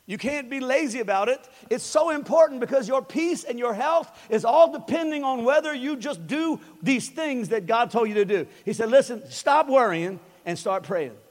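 A man with a high, light voice preaches to a congregation and keeps it conversational. He hammers his key lines by repeating them. The sound carries a long hall reverb. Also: animated, moderate pace, few pauses. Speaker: pastor. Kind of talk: sermon.

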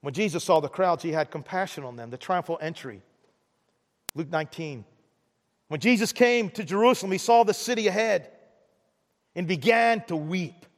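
A man's voice: high-pitched, moderate pace, long pauses, long reverb tail. A man preaching a sermon in a conversational way, often restarting words and pressing harder on the key points. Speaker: pastor.

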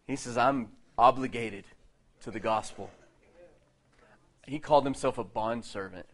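A man preaching from the pulpit with a voice of ordinary, middling pitch. He presses his points with insistent repetition and short laughs between lines. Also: measured pace. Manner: emphatic, repeats phrases, laughs between lines. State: tearful, sniffling. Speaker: pastor. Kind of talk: sermon leading into prayer.

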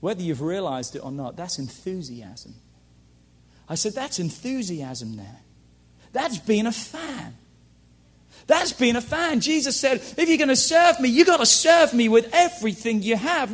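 A man preaching a sermon to a congregation, who shifts from loud shouted calls to hushed storytelling and repeats lines for emphasis. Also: very high-pitched, big pitch swings, unhurried. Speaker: pastor.

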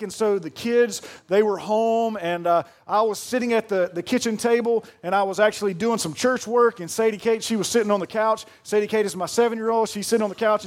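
A pastor in his thirties with a high, light voice. He preaches in a folksy, joking way and drops asides to the congregation as he tells his stories. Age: 30s. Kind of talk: sermon.

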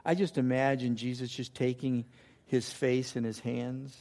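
A man preaching a sermon, swinging from loud emphatic lines to hushed, intimate ones. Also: mid-range voice, little pitch movement, measured pace. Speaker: pastor.

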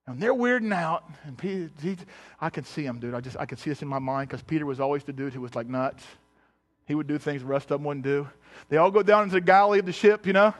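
High-voiced pastor telling stories animatedly. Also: male voice, quick pace. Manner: animated, slangy, acts out scenes, drops to a near whisper. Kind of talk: casual sermon storytelling.

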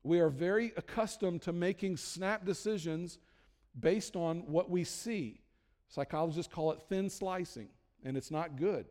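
A man's voice: high-pitched, a little slow, a little mellow. A male pastor delivering a sermon in a conversational, joking manner with many restarts. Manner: conversational, self-deprecating humor, frequent restarts. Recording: long hall reverb.

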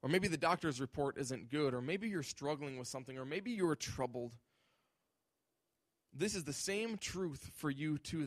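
A man's voice: fairly high pitch, no echo. Emphatic preaching man, dry sound. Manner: emphatic preaching, acts out imagined voices. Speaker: pastor. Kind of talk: sermon.

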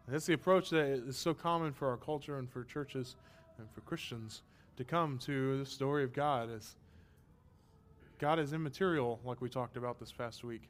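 A man preaching a sermon as pastor, emphatic and impassioned, asking rhetorical questions, his throat a little strained. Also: medium pitch.

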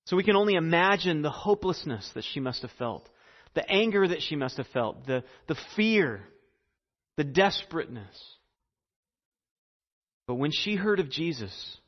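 High-voiced man preaching in a hall. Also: expressive, dull audio. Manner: earnest preaching with repeated phrases and dramatic pauses. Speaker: pastor. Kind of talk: sermon.

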